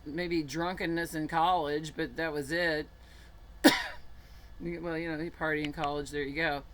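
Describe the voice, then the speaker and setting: A woman's voice: low-pitched, flat delivery, a little slow, fairly bright tone. A woman telling a personal story in a frank, chatty way, laughing often and swearing casually.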